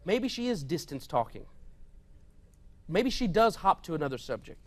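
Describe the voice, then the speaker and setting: A man's voice: a little high, big pitch swings, moderate pace. A male pastor giving a conversational, humorous sermon, telling stories from home and often laughing as he talks. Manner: storytelling, mimics household conversations, often laughing.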